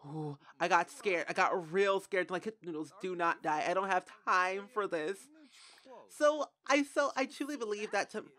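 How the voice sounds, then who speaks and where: A young adult woman commentating her gameplay, dramatic and quick to cry out in dismay. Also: lowish voice, fairly bright tone. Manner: dramatic, shrieks and cries out in dismay. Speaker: game streamer.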